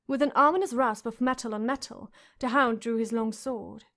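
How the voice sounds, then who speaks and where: A woman's voice: a little high, moderate pace, few pauses, fairly bright tone. A woman reading a fantasy audiobook with dramatic narration.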